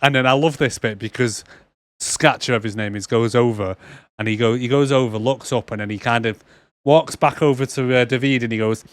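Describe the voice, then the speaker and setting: A man's voice: medium pitch, fairly even intonation, brisk, no room sound. A young man, co-hosting a casual film podcast, laughing a lot and acting out lines in silly voices. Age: young adult. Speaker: podcast co-host. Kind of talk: casual film review chat. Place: cold room.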